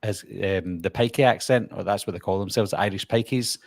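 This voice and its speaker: Man, Glaswegian Scottish accent, low voice, dry close sound, casual opinionated chat. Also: a little fast, vocal fry, dry recording. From Scotland. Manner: chatty, opinionated about film. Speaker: podcast co-host.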